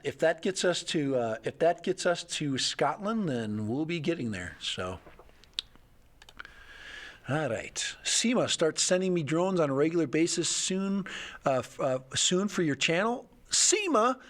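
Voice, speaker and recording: A man's voice: fairly high pitch, expressive, unhurried, pauses often. A middle-aged man hosting a live stream, chatting casually and rambling, often restarting his sentences and laughing.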